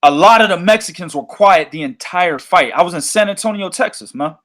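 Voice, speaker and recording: High-voiced, profane boxing podcast host. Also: male voice, a little fast. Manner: profane, animated storytelling. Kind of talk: casual boxing podcast chat.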